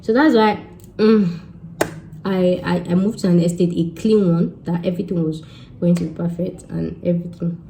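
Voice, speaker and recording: A young Nigerian woman with a Nigerian accent, telling a story to her viewers in a lively, joking way and mixing Pidgin and Yoruba into her English. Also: lowish voice, normal speed, creaky, slight background noise. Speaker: vlogger. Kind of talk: casual storytelling.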